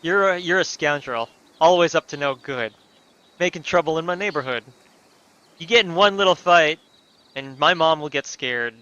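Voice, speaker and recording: Brooklyn-accented hothead villager for a video game voice-over, bright, piercing and brash, played by a man. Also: fairly high pitch, smooth, dull audio. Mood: irritable. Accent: put-on Brooklyn accent. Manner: shouty, rude, fast-tempered. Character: loud cranky young male villager, touchy, picks fights.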